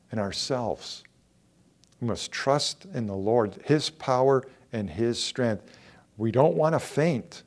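A man preaching a sermon, earnest, repeating key phrases for emphasis and swinging between quiet and emphatic delivery. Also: medium pitch. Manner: earnest, repetitive emphasis, rising and falling in intensity.

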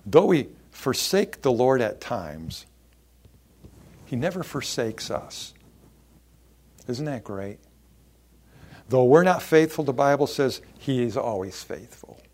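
A man preaching a sermon, expressive and acting out the people he quotes. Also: medium pitch, takes it slowly, long pauses. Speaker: pastor.

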